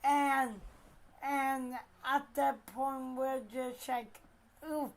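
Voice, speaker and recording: A high-pitched woman drawling through a casual storytime at a very unhurried pace. She rambles, restarts her sentences, leans on fillers and drops slangy swears along the way. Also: flat delivery, low-quality recording. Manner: profane, slangy. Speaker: storytime vlogger.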